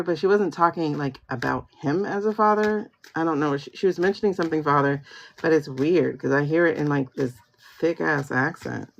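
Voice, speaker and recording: A woman with a low, creaky voice hosts a live tarot reading on a phone, talking fairly quickly. She chats casually in slangy speech, thinking out loud, and the livestream audio is dull and lo-fi.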